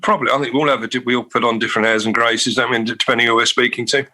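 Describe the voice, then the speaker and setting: A man's voice: medium pitch, little pitch movement, racing, sharp tone. A man co-hosting a podcast in casual chat, laughing often and restarting his sentences. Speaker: podcast co-host.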